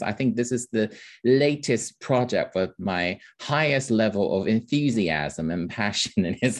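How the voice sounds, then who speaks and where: A man's voice: on the low side, a little mellow. A man with a Taiwanese accent, a comedian speaking as an interview guest in a careful, earnest way. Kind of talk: casual interview.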